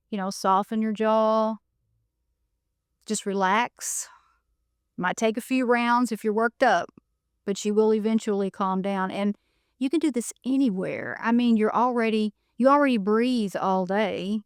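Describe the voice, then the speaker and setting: A woman hosting a podcast, calmly guiding listeners through breathing exercises with a coaching manner and frequent "you know" and "okay". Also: on the high side, measured pace, pauses often, smooth, dry recording, studio quality. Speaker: podcast host. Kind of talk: guided breathing instruction.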